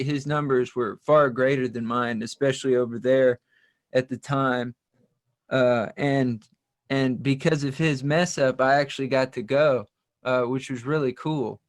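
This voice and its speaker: Rambling country musician man. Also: medium pitch. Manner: rambling, self-deprecating, laughs often. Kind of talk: casual interview storytelling.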